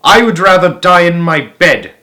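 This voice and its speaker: A man voicing a shrill, frightened old grandmother in a storybook reading. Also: sing-song, quick pace, fairly bright tone.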